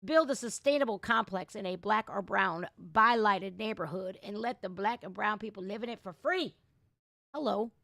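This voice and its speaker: Woman streamer reacting at home, sarcastic and blunt, dry close sound, mid-pitched. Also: moderate pace, gravelly, few pauses, a bit bright, dry recording. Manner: blunt, sarcastic, swears freely. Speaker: livestream host. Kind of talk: reaction commentary.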